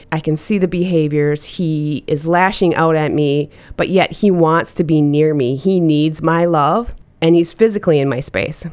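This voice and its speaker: A woman's voice: deep voice, smooth. A middle-aged woman, a single mother, candidly and reflectively telling a personal story.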